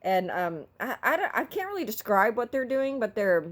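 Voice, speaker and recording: A woman's voice: a little high, big pitch swings, moderate pace. A middle-aged woman telling a story in a casual vlog, talking in an exasperated, vocal, ranting way. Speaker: vlogger.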